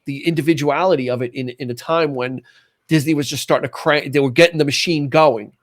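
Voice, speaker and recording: A man in casual podcast chat, talking in halting bursts with many restarts. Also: fairly high pitch.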